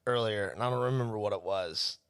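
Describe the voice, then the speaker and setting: A man's voice: on the low side, a little fast, fairly bright tone, clean tone, dry recording, studio quality. Laid-back, foul-mouthed male podcast co-host. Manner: laid-back, swears constantly, rambling. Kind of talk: casual podcast banter.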